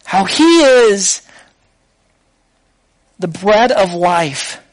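A man's voice: high voice, very animated, very slow, dry recording, low-quality recording. A man preaching a sermon in a conversational way, putting rhetorical questions to his listeners.

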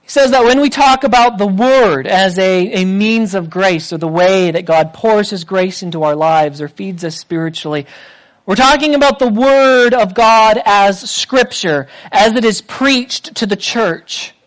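A man's voice: sits high, unhurried, poor audio. A man preaching a sermon, explaining scripture, often restarting and repeating words. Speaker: pastor. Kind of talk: sermon teaching.

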